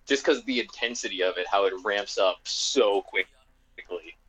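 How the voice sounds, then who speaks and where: A man's voice: on the low side, moderate pace, a bit bright, rough recording. A man in casual podcast chat, speaking in a laid-back way. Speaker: podcast co-host.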